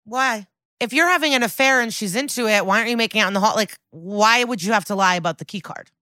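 A woman podcast host recapping a TV episode in a casual, animated way, swearing freely and gushing over the scenes. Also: fairly high pitch, fast, no echo.

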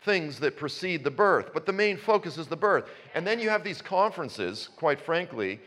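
A man's voice: fairly high pitch, very animated, moderate pace, fairly bright tone. A man preaching a sermon, conversational at first and building to passionate emphasis. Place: church. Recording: long reverb in a church hall.

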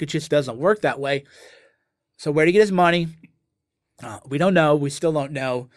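A man explains his ideas casually and with energy, slipping into little acted-out quotes. His voice sits a little high, and the recording is dry and close. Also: moderate pace, long pauses, dry recording. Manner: animated, acts out quotes. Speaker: interview guest.

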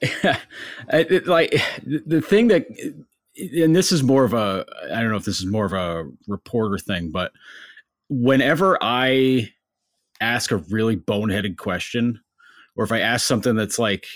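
Man, sports reporter co-host, halting self-mocking chat, lively pitch, dry sound. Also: dry recording. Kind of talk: casual chat.

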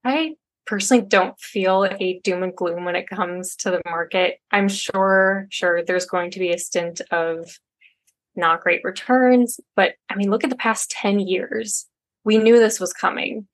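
Relaxed young woman on a podcast. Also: medium pitch, a little slow. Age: young adult. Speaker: podcast guest. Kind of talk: casual interview talk.

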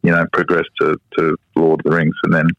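A man in his fifties with an Australian accent, talking as a podcast guest and telling family stories, sometimes mimicking his small children in a high voice. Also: completely flat delivery, brisk, no echo. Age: 50s. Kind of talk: casual interview chat. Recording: slightly dull podcast audio.

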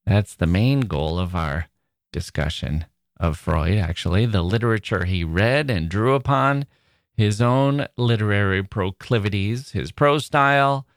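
A man's voice: on the low side, unhurried, dry recording, clean studio sound. A man hosting a conversational literature podcast, telling stories wryly with digressive asides. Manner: wry, digressive storytelling with asides. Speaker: podcast host.

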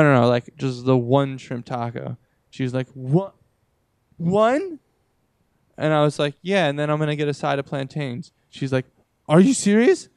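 Young man with a gravelly, smooth voice. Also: medium pitch, a little mellow, no echo, clean studio sound. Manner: rambling storyteller, acts out others' lines. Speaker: podcast co-host. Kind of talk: casual chat.

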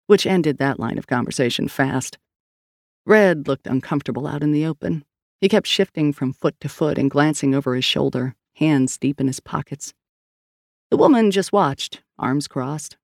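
A man narrates a story in a steady, scripted reading voice. His tone sits a little high and carries a gravelly grain. He is recorded close on a studio mic in a dry, dead room. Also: moderate pace, dry recording. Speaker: audiobook narrator.

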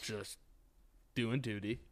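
A man's voice: on the low side, steady tone, slow. A man co-hosting a podcast in crude, jokey casual chat, feeling sweaty and queasy from food poisoning. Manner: crude, jokey, swears freely. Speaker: podcast co-host.

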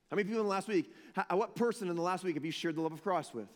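A male pastor with a somewhat high voice delivers a sermon, lurching from shouted lines down to hushed, intimate ones. He acts out the people he quotes. His voice rings with the long reverb of a large hall. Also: fast, hardly any pauses.

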